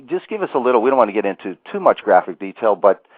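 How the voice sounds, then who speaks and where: A man's voice: fairly low pitch, sing-song, fast talker, dry recording. A man hosting an interview, asking long questions with restarts. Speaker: interview host. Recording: tinny phone line.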